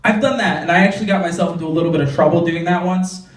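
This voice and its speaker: A man's voice: on the high side, racing, far from the mic, soft background music. Young man doing stand-up in an echoey club. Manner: conversational, frequent "like" fillers, punchy punchlines. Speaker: stand-up comedian. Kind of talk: stand-up comedy set. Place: comedy club stage.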